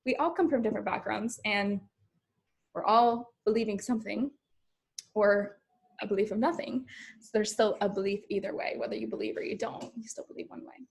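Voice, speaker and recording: A woman's voice: medium pitch, a little fast. A young adult woman, a personal development coach, talking casually with her group and filling her speech with "like" and "um". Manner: chatty, fills speech with "like" and "um".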